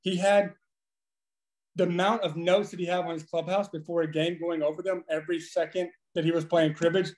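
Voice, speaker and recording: A man in his thirties, a former pitcher guest on a podcast, telling profane, animated stories with frequent laughing. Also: fairly quick. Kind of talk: casual storytelling.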